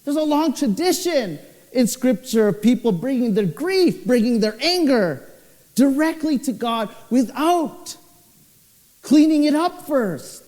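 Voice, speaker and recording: A young man, a pastor, preaching a sermon with expressive storytelling, his voice swinging low and high. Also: measured pace. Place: church hall. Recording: church hall with long reverb.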